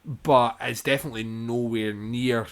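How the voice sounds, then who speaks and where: A man's voice: medium pitch, steady tone, measured pace. Hesitant man giving blunt film opinions. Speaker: podcast co-host. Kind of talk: casual film review chat.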